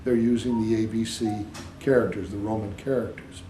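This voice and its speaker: An American man being interviewed explains things casually and patiently, like a teacher, often spelling words out letter by letter. His voice is on the low side, mellow and relaxed, at a moderate pace, recorded in an echoey room with a faint hiss.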